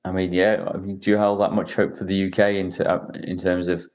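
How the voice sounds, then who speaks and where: Deep-voiced rambling English podcast host. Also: male voice, little pitch movement, a little fast, darkish tone. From Newcastle, England. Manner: rambling, with many restarts and fillers. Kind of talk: casual conversation.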